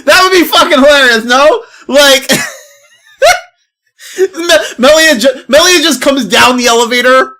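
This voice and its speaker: A man's voice: very high voice, animated, slow pace, sharp tone. A man streaming a video game live, talking casually, laughing often and swearing as he rambles over the play. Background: game music.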